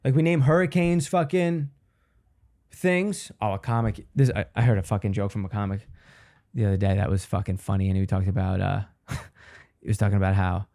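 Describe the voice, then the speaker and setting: A man's voice: lowish voice, a little fast, mellow. A male comedian rambling through a solo podcast monologue. His delivery is loose and profane, and he swears freely as he rants.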